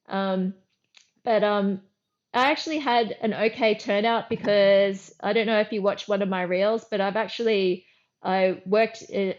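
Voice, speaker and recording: In a casual interview, a middle-aged Australian woman appearing as a guest artist tells lively anecdotes, acting out her own lines and frequently restarting sentences. Her voice sits in the mid range, and the audio sounds dull.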